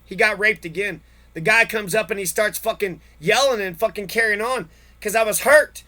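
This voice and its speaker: Speaking at a normal pace in a high, sharp voice, a man delivers an angry personal monologue. The story is his own, told at length with lots of profanity and repetition.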